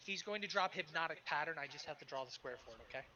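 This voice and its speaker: Fast-talking bright-voiced man player. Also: a little high, animated, dull audio. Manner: hurried, repeats himself when frustrated. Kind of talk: casual tabletop game talk.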